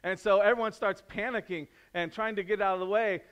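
A man preaching with loud, emphatic swings. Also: steady tone, brisk, clear, resonant tone. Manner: conversational preaching that rises to loud emphatic peaks and drops to soft low passages. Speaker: pastor. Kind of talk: sermon.

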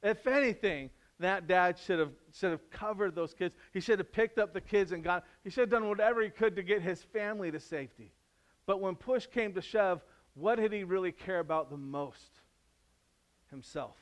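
A man with a slightly higher voice preaches a sermon in a conversational, story-telling way. He climbs to loud, emphatic peaks and then drops to soft, low passages. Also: normal speed. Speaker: pastor.

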